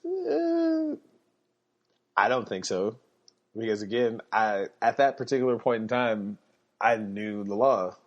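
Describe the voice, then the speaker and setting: A man's voice: on the low side, sing-song, slow, pauses often, lo-fi sound. A man telling a story in a laid-back way on a podcast, laughing now and then. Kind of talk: casual storytelling.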